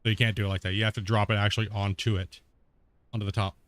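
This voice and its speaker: A man's voice: lowish voice, rapid-fire, no echo. Laid-back man streaming a game. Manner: relaxed, rambling, laughs often. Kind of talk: casual live-stream commentary.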